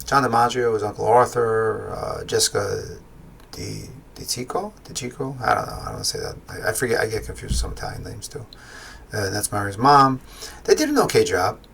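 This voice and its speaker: A man's voice: fairly low pitch, sing-song, a little fast, creaky, fairly bright tone, slight background noise. A man giving a casual spoken film review, rambling and correcting himself as he thinks aloud.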